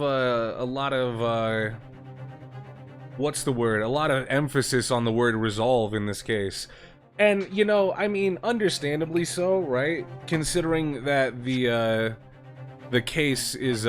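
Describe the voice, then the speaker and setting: A man streaming a game, reading its lines aloud and commenting on the writing in a chatty, critical way. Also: medium pitch.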